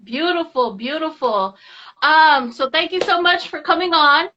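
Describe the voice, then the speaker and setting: A woman's voice: high voice, unhurried, pushed and bright, lo-fi sound, a little hiss or hum. A woman hosting a live podcast, talking in an upbeat, chatty way and often repeating herself. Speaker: podcast host. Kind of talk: casual live-stream chat.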